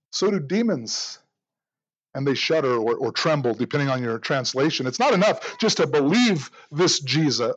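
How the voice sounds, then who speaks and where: A man's voice: sits high, dry recording, lo-fi sound. A man preaching a sermon in an earnest way, often repeating the first word of a phrase. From United States. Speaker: pastor.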